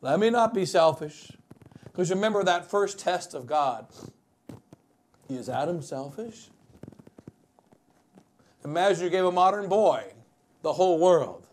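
A bishop delivers a wedding sermon in a high-pitched voice. He preaches with wide swings, pushing some lines out loud and dropping others to a near hush. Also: expressive, unhurried, pauses often. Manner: preaching with wide swings between loud emphasis and quiet asides.

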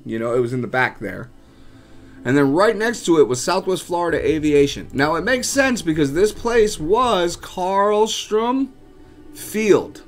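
A man vlogging casually to camera about his urban exploring, chatty and animated, often calling out to his viewers. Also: fairly high pitch. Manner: animated, chatty, keeps addressing viewers as guys.

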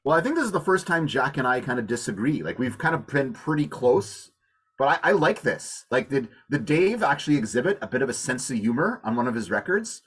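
A man's voice: mid-range voice, sing-song, fairly quick, husky. Easygoing male panelist. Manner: easygoing, hedging, trails into 'I don't know'. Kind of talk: casual panel discussion.

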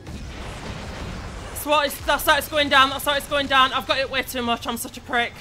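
A man giving live gameplay commentary as a let's play gamer, sweary and excitable, yelling at the game. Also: very high voice, fast talker, faint music behind.

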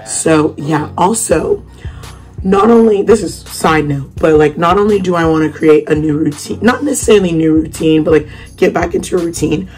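A woman's voice: deep voice, moderate pace, a little mellow, faint music behind. A young woman chatting casually to camera in a vlog at home, rambling with lots of fillers and restarts. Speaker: vlogger. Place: at home, indoors.

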